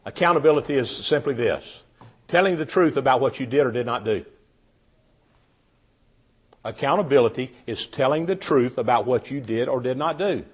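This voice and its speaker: A man's voice: medium pitch, expressive, normal speed, long pauses, muffled recording. A middle-aged man leading a leadership workshop, telling homey stories and repeating key phrases for emphasis. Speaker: leadership trainer.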